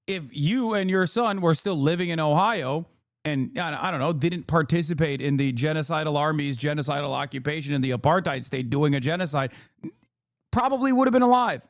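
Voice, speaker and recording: Male streamer, sarcastic and profane, higher voice, dry close sound. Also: a little fast, gravelly, no echo. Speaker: streamer commentator. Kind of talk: reacting to a news clip.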